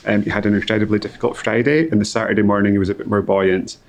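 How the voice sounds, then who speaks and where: Low-voiced man, halting and grieving. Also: steady tone. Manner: halting, repeats words, grieving. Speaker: guest, company founder. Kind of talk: emotional interview conversation.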